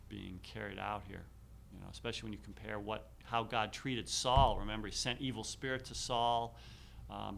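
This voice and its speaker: A man teaching a class, reading slowly and deliberately with frequent fillers. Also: on the low side, vocal fry, a bit bright, slight background noise. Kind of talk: classroom lecture.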